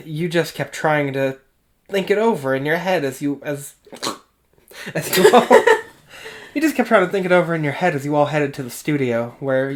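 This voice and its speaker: A woman co-hosting a podcast, reading fan fiction chapters aloud with giggles and self-mocking asides. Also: sits low. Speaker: podcast co-host.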